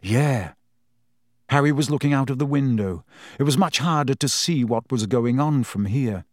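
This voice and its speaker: In studio-quality audio with no room sound, a male audiobook narrator reads a novel's script in a calm, even, measured way, using a mid-range voice.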